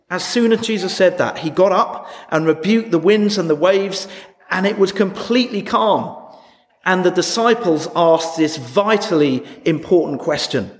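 A man's voice: sits high, normal speed. A man preaching a sermon in a conversational way, often asking his listeners rhetorical questions. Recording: echoey hall.

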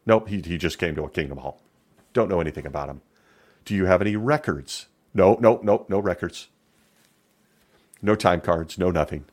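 A man's voice: deep voice, moderate pace, long pauses, darkish tone. A man putting on the voice of an evasive male church official testifying in court, in a mocking, falsely innocent tone.

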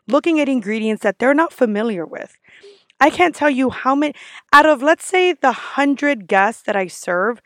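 A woman's voice: fairly high pitch, no echo, clean studio sound. A woman who works as a restaurant server, ranting in a casual vlog, blunt and sassy with lots of swearing.

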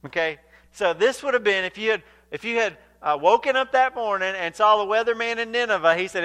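A male pastor preaching a sermon, animated and emphatic, acting out scripture as he paraphrases it. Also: sits high, a little fast, smooth.

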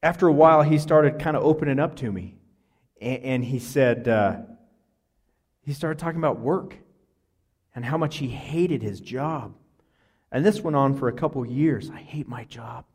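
A male pastor preaching from the pulpit, mid-pitched and conversational. He tells a story earnestly and often restarts his sentences, with plenty of fillers along the way. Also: moderate pace, pauses often, a little mellow. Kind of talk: sermon with storytelling.

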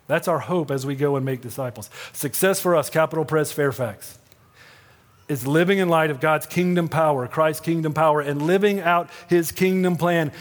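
A middle-aged male pastor delivers an earnest, conversational sermon, often checking in with the congregation. His voice sits a little high for a man and turns soft and hushed when he quotes words of comfort. A long church reverb trails behind every phrase. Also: normal speed. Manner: earnest, conversational preaching with frequent "right?" asides. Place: church sanctuary.

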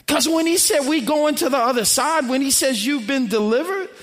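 A man pastor preaching a sermon, emphatic and swinging from loud to hushed. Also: extremely high pitch, a little fast. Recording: long hall reverb.

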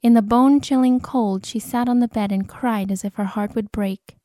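A woman narrating an audiobook in a measured, dramatic style. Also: on the high side, steady tone, warm tone, dry recording, clean studio sound. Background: cinematic score.

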